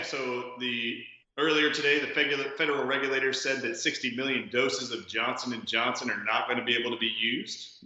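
A man answering interview questions as a guest doctor, explaining in a steady, assertive way. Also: mid-range voice. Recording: dull, very echoey remote line.

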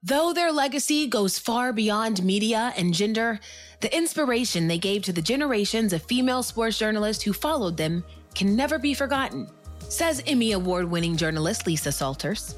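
A woman's voice: medium pitch, expressive, soft background music. A woman narrating a documentary in a polished, scripted style. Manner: polished, measured.

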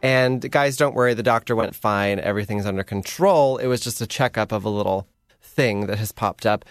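A man's voice: fairly low pitch, brisk, no echo. A man co-hosting a casual chat show, sleepy and giggly, joking at his own expense. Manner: self-mocking, giggly. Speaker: podcast co-host.

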